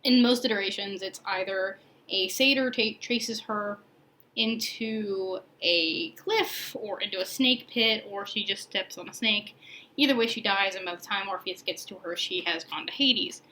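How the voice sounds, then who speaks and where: Bright-voiced chatty woman podcast host. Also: medium pitch, a little slow, rough recording. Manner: chatty, laughing, playful retelling with slang. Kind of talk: casual mythology storytelling.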